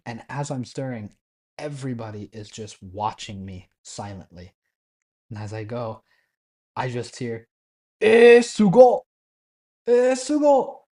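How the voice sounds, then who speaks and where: A man's voice: medium pitch, warm tone. A man in his twenties casually telling a travel story, chatty and laughing often, acting out bits of quoted Japanese. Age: 20s. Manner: acts out quoted Japanese phrases.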